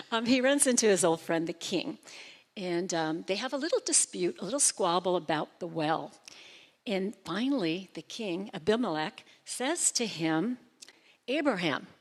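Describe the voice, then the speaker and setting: Her pitch sits in the middle and her pace is moderate. She delivers a church sermon, walking through scripture with animated, conversational energy and a touch of self-deprecating humor.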